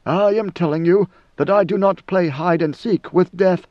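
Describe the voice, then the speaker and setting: A man reading an audiobook and voicing an ancient godlike male emperor who speaks slowly and gravely. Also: high-pitched, no echo, voice pushed up, lightly acted. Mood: solemn. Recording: dull lo-fi dry recording.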